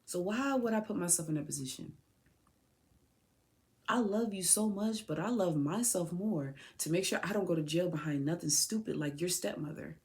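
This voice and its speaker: Low-voiced woman pouring her heart out. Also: expressive, moderate pace, darkish tone. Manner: tearful, raw and heartfelt, speaking straight to her child. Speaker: podcast host. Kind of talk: emotional personal address to her son.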